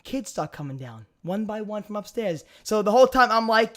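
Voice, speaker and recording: Young male podcast host, Brooklyn accent, high-pitched, animated and profane. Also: normal speed, hardly any pauses. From Brooklyn, New York. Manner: animated storytelling, profane, acts out quoted voices. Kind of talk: casual chat.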